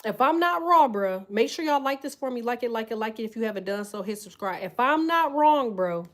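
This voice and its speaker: A woman giving a loud, animated, profanity-filled casual tarot reading, full of slang. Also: fairly high pitch, fairly quick. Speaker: tarot reader.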